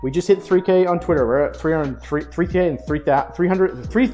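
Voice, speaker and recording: A young man streaming, telling a story to his chat in a casual, animated way, swearing and laughing. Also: on the high side, a little fast, soft background music.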